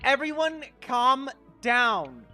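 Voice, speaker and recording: A man does a stern halfling barmaid in a tabletop game, raising his voice high to order rowdy customers to sit down. She sounds commanding and scolding, with a slow, firm delivery. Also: very animated, pushed and bright, faint music behind, exaggerated voice. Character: stern halfling woman tavern server.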